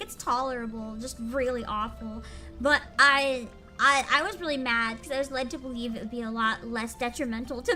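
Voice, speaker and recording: A woman streaming a game in casual chat, chatty and expressive, laughing often between remarks. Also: high voice. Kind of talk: casual gaming livestream chat. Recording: game music playing loudly behind.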